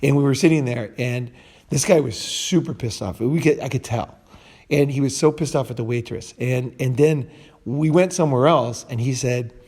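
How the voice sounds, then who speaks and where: Male podcast host, blunt rambling delivery, warm dark timbre. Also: medium pitch, expressive, a little fast. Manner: blunt, rambling, with restarts and swearing. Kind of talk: casual podcast chat.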